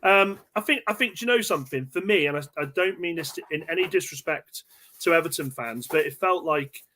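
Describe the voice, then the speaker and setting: A man in his thirties hosting a casual football podcast from home, animated, swearing, and restarting his sentences. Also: on the high side, brisk, slight background noise. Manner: animated, swearing, repeats himself, stumbles over restarts. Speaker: podcast host. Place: home room.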